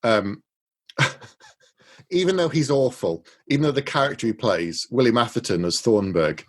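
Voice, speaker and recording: A man's voice: medium pitch, animated, a little slow. A man co-hosting a podcast, chatting casually and retelling film scenes with quoted lines. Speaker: podcast co-host. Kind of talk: casual chat.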